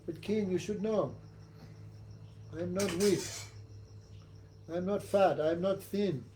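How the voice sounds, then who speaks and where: A man speaking as a serene, unshakable servant who calmly lectures a king on how temporary the world is. The voice stays close to the storyteller's own, and it is even and measured, with a fairly high male pitch. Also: background noise. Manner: calm, steady, instructive. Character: calm, wise male servant philosopher.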